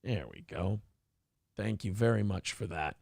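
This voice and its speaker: A man's voice: on the low side, a little slow, creaky, very noisy. A man hosting a morning talk show, ranting in a casual, profane, exasperated way.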